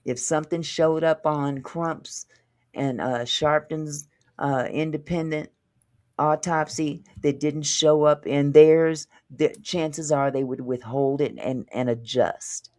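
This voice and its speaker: Low-voiced woman telling a lively story. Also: slow pace. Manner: animated storytelling with laughs. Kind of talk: casual chat.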